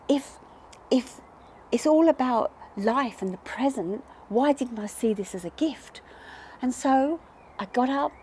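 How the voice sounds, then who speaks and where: A woman speaks in a slightly high, mellow voice, telling her own story to camera. She is earnest and reflective and keeps asking herself questions as she goes. Her voice sits over a faint hiss. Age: adult parent. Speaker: numerology vlogger. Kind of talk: personal storytelling.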